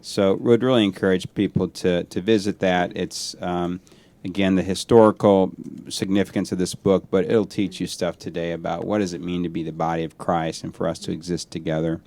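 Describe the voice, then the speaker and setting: A man's voice: deep voice, steady tone, a little fast, darkish tone. A middle-aged man hosting a podcast, chatting casually and laughing a lot as he retells stories. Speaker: podcast host. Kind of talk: casual chat.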